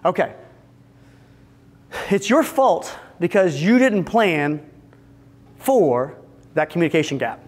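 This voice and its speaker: In a retreat event room, a high-voiced man gives an upbeat business seminar talk to a live audience of fence company owners. His pace is slow with frequent pauses, yet he's energetic and joking, addressing listeners directly and acting out little scenes.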